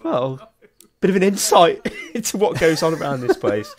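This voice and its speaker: A man hosting a relaxed chat, his voice swinging widely in pitch as he tells stories and swears freely. He speaks a little higher than most men. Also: normal speed. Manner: animated storytelling, swears freely. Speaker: host. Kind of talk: casual chat.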